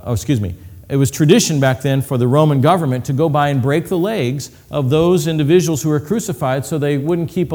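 Male preacher, slightly high voice, vivid demonstrative delivery, long hall reverb. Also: a little mellow. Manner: vivid, acts out cries and whispers, medical detail. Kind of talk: sermon with slides.

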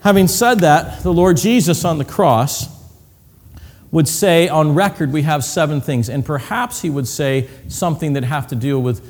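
A man's voice: on the high side, darkish tone, husky. A man preaching a sermon with slides, vivid and hands-on, acting out cries and whispers and adding medical detail. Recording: long hall reverb.

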